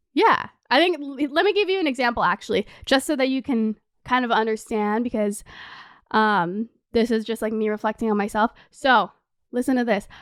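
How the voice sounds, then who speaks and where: A young woman in her twenties chatting excitedly to camera as a vlogger, swearing freely. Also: fairly high pitch, clean tone, dry recording, studio quality. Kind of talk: casual chat to camera.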